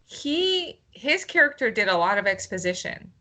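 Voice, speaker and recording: A woman's voice: a little high, big pitch swings, moderate pace, pushed and bright. A woman co-hosting a casual film review chat, playful and exaggerated in her reactions. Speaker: podcast co-host.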